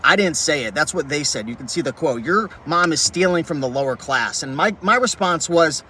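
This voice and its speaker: A fired-up man speaks to camera from inside a vehicle, where faint traffic noise can be heard, ranting passionately about reselling and peppering his talk with "like." This reselling YouTuber has a fairly high, sharp-toned voice and talks a little fast and animatedly, barely pausing.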